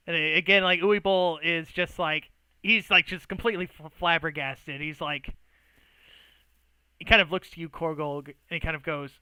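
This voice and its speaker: Bright-voiced male game master. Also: fairly high pitch, steady tone, normal speed, clean tone, no echo, rough recording. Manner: loose, hesitant narration with fillers. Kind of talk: narrating a tabletop game.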